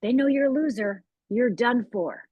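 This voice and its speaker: Woman, coach, emphatic, plays out inner voices, high-ish voice, dry sound. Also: moderate pace, darkish tone, no room sound. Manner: emphatic, acts out inner voices, tags "right?". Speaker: fear coach guest. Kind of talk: interview conversation. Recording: dull lo-fi call audio.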